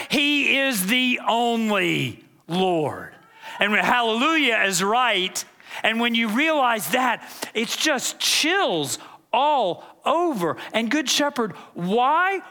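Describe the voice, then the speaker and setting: A man's voice: extremely high pitch, bright, forceful tone. A man preaching a sermon as pastor, emphatic and building through repeated phrases.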